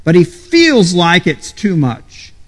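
A pastor delivers a sermon at an unhurried pace, his voice sitting high for a man. He is earnest and measured, leaning fervently into each quoted appeal. The sound carries a long reverb from a large church hall. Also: huge pitch swings. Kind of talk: expository sermon.

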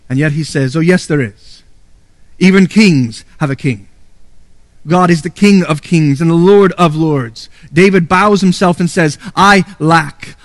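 A man's voice: sits high, no room sound. A man preaching a sermon as a pastor, earnest and emphatic, reading and quoting scripture.

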